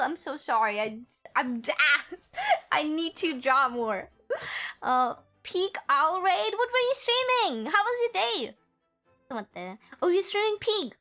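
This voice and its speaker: A young woman streamer chats with her viewers in a high, bright voice, giggling often and bouncing between topics. Faint music plays behind her. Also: sing-song, a little slow. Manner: giggly, bubbly, chatty. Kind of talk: casual live-stream chat.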